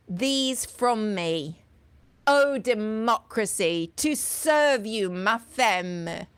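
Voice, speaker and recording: A woman hosts a late-night live stream in an unhurried, drawn-out way. She reads verse with rising emphasis and swears bluntly and cheerfully. Her voice sounds close and dry, with no room around it. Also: fairly high pitch, a bit bright, no room sound. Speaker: host of a live video café show. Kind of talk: live-stream chat with poetry reading and prayer.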